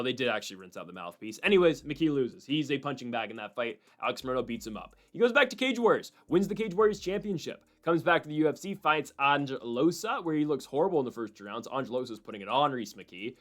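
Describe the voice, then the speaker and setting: A man hosting a solo fight-prediction show, talking in an animated, opinionated way and slipping in quick voices of other people. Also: mid-range voice. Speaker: MMA prediction channel host.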